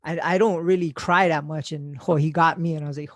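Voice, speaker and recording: This young podcast host, his voice a little high and fairly quick, spins stories in a casual, animated chat. He swears, laughs and performs quotes, captured in a close, dry recording without room sound.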